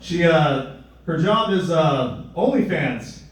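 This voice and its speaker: Young male comic, deadpan and crude, slightly high voice, boomy distant live-room sound. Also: slow pace. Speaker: stand-up comedian. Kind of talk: stand-up comedy set. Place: live comedy venue. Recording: echoey room, mic at a distance.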